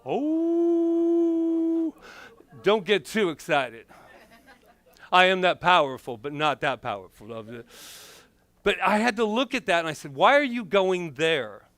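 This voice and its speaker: A middle-aged man and minister giving a playful, animated sermon full of personal stories. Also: sits high, takes it slowly, no echo. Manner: animated, playful, acts out quotes.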